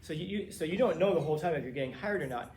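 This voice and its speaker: A man who teaches, from Los Angeles, telling his students a long story in a casual, animated way, quoting the people in it. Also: fairly high pitch, rapid-fire, reverberant, a little hiss or hum. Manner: casual, animated retelling with quoted dialogue. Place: classroom.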